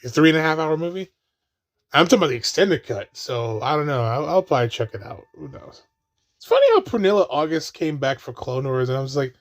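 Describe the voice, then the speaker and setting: A man giving casual watch-along commentary on a movie. He laughs often, swears freely and does mocking high voices for the characters. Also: animated, fairly quick.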